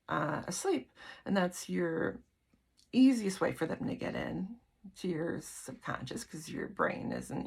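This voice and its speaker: A woman's voice: on the low side, gravelly, slightly rough. A woman giving a casual, reassuring talk on a channel she hosts, acting out little inner voices as she goes. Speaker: spiritual teacher.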